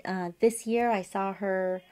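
A woman's voice: mid-range voice, fairly even intonation, takes it slowly, warm tone, clear, resonant tone. A woman in her forties, an acupuncturist, telling a rambling personal story to camera from her office with lots of fillers and asides. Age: 40s. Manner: chatty, digressive storytelling with many fillers. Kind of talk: casual advice monologue to camera.

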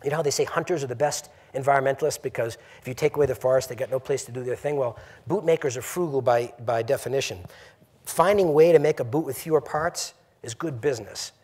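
A man's voice: mid-range voice, quick pace, a little mellow. A middle-aged man, a company CEO, giving an emphatic, conversational address to a college audience and often asking the room questions. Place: lecture hall.

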